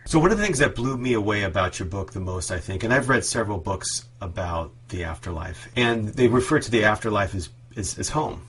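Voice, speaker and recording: A man's voice: on the low side, lively intonation, a little fast, hardly any pauses, a bit bright, slight background noise. A man hosting an interview, asking long reflective questions about the afterlife. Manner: reflective, searching phrasing. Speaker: interview host.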